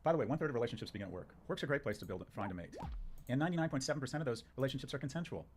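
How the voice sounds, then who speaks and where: A man's voice: medium pitch, lively intonation, very fast, music in the background. A man speaking as a guest in a conversation, making emphatic, punchy declarations and arguing his points in short bursts. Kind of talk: opinionated conversation.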